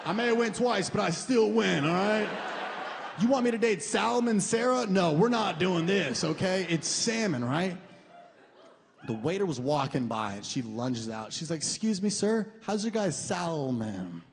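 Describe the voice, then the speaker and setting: High-voiced, animated stand-up comic man. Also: moderate pace, creaky. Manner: animated, crude, shouts punchlines. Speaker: stand-up comedian. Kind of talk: stand-up routine. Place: comedy club stage. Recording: reverberant club room with faint ambience.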